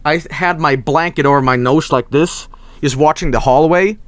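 A young man streaming a game, casually telling a story, cursing a lot and shouting out the voices he quotes. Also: on the high side, moderate pace, no echo. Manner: animated, swearing, mock-shouting quoted voices. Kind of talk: casual storytelling while gaming.

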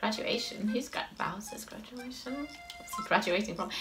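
A woman's voice: medium pitch, moderate pace, a bit bright, soft background music, poor audio. A woman chatting casually through a gameplay video, reading game text aloud and laughing often.

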